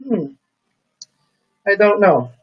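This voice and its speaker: High-voiced man chatting on a live stream. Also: expressive, takes it slowly, muffled recording. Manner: reads viewer comments aloud and jokes, chuckling. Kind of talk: casual live stream chat.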